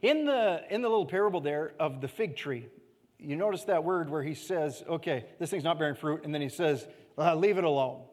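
High-voiced male pastor in reverberant hall. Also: expressive, brisk. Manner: conversational, dropping to soft quiet phrases, frequent "okay?". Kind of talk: sermon. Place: church.

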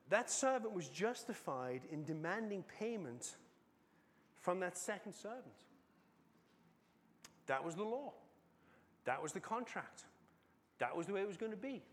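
High-voiced middle-aged pastor in a reverberant hall. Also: male voice. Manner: dramatic storytelling, swinging from loud to hushed. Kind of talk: sermon. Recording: long reverb of a large hall.

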